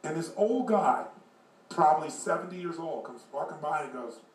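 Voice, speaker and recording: A motivational speaker with a high-pitched voice tells a story in an animated way. He acts out the characters as he goes. The recording is echoey and he stands well back from the microphone. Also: normal speed. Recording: echoey room, far from mic.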